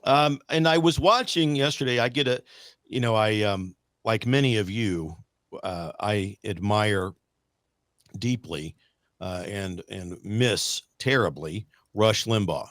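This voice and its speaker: A man's voice: on the low side, slow pace, fairly bright tone, dry recording, clean studio sound. A man hosting a talk show in a casual, rambling monologue, full of fillers and restarts.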